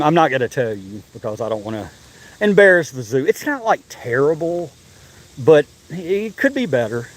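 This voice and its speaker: A man's voice: mid-range voice, rough recording. A man vlogging casually outdoors at a zoo, joking, chatting to viewers and now and then swearing. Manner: chatty, joking, swears and yells animal names. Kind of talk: casual vlog walkthrough.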